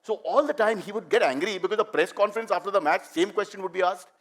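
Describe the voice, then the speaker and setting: A middle-aged man with an Indian English accent tells stand-up stories at a brisk clip. His voice sits a little high for a man. He talks in a lively, chatty way and keeps teasing his audience. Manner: animated, chatty, teases the audience. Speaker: stand-up comedian. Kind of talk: live stand-up storytelling.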